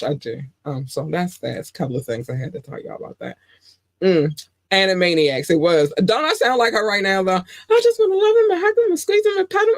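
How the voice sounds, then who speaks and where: A woman in her forties hosting a podcast, chatting casually and showering her listeners with affectionate shout-outs. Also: very deep voice, dry recording. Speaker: podcast host.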